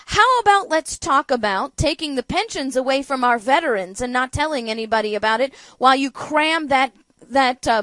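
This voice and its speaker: Woman talk radio host, high voice, dry close sound, sarcastic, emphatic political commentary. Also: fairly bright tone, no room sound. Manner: sarcastic, rhetorical questions, emphatic.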